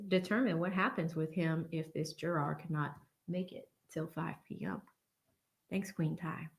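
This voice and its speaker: A woman hosting a casual livestream from a home studio, chatting, laughing often and thanking viewers by name as she reads their messages. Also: mid-range voice. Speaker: livestream host reading superchats. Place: home studio with blue backlight.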